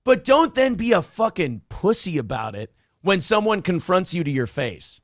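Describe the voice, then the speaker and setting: Man, high lively voice, brash profane host, mocking rants, dry close sound. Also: moderate pace, no room sound. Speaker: show host. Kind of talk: crude comedic podcast banter.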